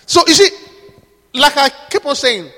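A man preaching a sermon, emphatic, pausing for his interpreter and repeating questions to the congregation. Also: very high-pitched, expressive, sharp tone. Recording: echoey hall.

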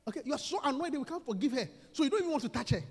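High-voiced preacher in a reverberant church hall. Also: male voice, animated, rapid-fire. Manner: call-and-response preaching, swings from soft to shouting. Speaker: pastor. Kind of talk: sermon.

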